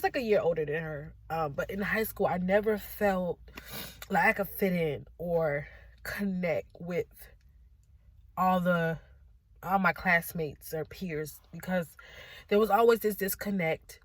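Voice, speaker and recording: A woman's voice: fairly low pitch, a little slow. A young woman talking in a car, sharing a personal story while holding back tears, rambling with many fillers and restarts. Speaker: vlogger. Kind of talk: personal confessional vlog. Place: parked car.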